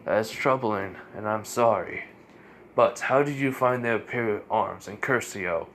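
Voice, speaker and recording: A man's voice: on the low side, a little slow, fairly bright tone, slight background noise. A man voicing a formal male royal minister, stiff and reproachful, in a fan story.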